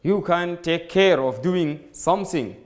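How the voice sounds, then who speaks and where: A man teaching an English grammar lesson to students, explaining slowly and repeating words, with Arabic as his first language. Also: a little high. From Sudan. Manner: slow, repetitive explaining, addresses students directly.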